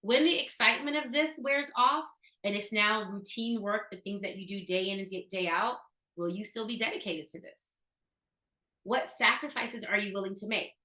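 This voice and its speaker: A woman pitches a business opportunity casually and emphatically, stacking rhetorical questions, using slang, and laughing often. Her bright, forceful voice, medium in pitch and moderate in pace, echoes around the room.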